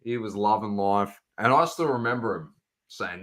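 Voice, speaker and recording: A man's voice: fairly low pitch, lively intonation, normal speed, fairly bright tone. A man co-hosting a casual podcast, ranting emphatically and repeating his points. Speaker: podcast co-host. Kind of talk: casual chat.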